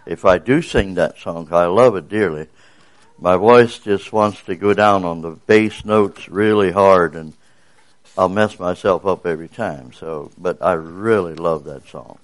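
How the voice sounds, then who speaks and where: An older man with a bass voice preaching a sermon in a folksy, rambling way with many fillers. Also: unhurried. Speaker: visiting preacher.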